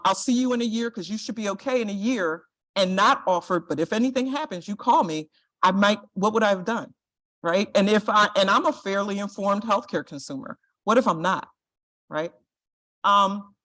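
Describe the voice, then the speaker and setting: A woman's voice: medium pitch, a bit bright. A middle-aged woman giving a lecture presentation to health professionals, earnest and direct, often checking in with "right?". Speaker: guest speaker, compliance and privacy officer.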